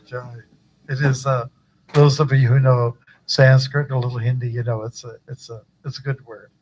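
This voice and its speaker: A man's voice: mid-range voice, level tone, moderate pace, over music, rough recording. An older man, a guru, giving an informal initiation talk at a temple gathering, chatty and joking with many fillers.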